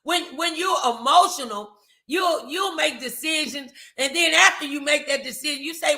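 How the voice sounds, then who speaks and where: Emphatic high-voiced woman preaching life lessons. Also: moderate pace, bright, forceful tone. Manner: emphatic, preachy, repeats phrases. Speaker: podcast co-host. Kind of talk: faith-based advice talk.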